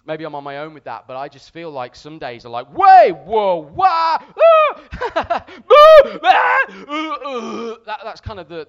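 Preacher telling a lively story. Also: male voice, fairly high pitch, muffled recording. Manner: storytelling, animated with shouted re-enactments. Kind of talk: sermon.

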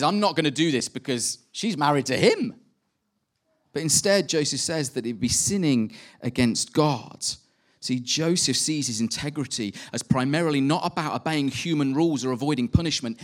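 A man preaching a sermon in a conversational way, with animated rhetorical asides. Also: mid-range voice.

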